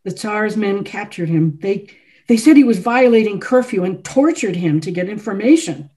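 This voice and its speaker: A woman's voice: mid-range voice, lively intonation, warm tone, pitched above the performer's own voice, natural voice. A woman reading a restrained young piano tuner. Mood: controlled. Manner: controlled, measured speech.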